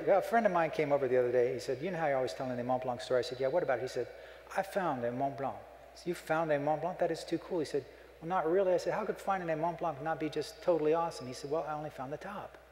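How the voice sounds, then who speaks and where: A man's voice: a little high, quick pace, a little hiss or hum. A middle-aged man giving a humorous keynote speech, a folksy joking storyteller, speaking on a stage microphone in a conference hall. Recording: echoey hall, live.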